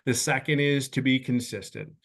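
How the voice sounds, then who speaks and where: Speaking at a medium pitch, a man in his fifties gives a heartfelt testimonial on a webinar video call, earnest and halting, frequently restarting what he says.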